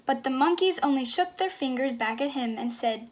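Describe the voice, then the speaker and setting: A woman reading a picture book aloud, slow and expressive with emphatic repetition. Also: high-pitched, a little hiss or hum. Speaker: storybook reader.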